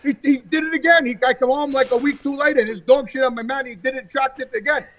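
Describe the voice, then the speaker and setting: Loud, cursing high-voiced man telling stories. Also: fast. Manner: animated, exasperated, often shouting and laughing. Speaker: podcast regular. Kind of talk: profane casual storytelling. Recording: noisy podcast recording.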